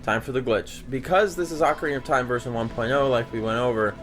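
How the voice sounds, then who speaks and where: Young guy doing deadpan game commentary, rambly and dry, faint music under it. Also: mid-range voice, quick pace. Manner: dry, rambling, jokey asides. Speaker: gaming video host.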